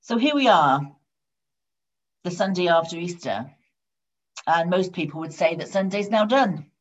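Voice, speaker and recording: In a voice that sits low for a woman, she preaches a sermon with steady, measured storytelling. The recording sounds dull and lo-fi.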